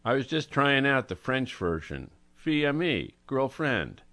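A man reading an audiobook voices a sharp, wry woman investigator who talks briskly to a friend. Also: mid-range voice, very animated, no echo, voice pushed up. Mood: joking.

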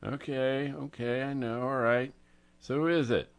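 A man's voice: medium pitch, fairly even intonation, clear, resonant tone, pitched above the performer's own voice, lightly acted. A man reading a story aloud, voicing a garrulous, streetwise middle-aged businessman with a Brooklyn accent. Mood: eager. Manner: garrulous, fast-talking.

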